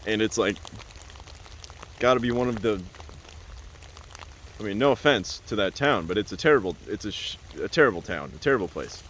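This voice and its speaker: A man's voice: lowish voice, lively intonation, normal speed, long pauses, a bit bright, slight background noise. Rambling man telling a casual story. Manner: rambling, laughs often, many fillers like "like" and "uh". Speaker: vlogger.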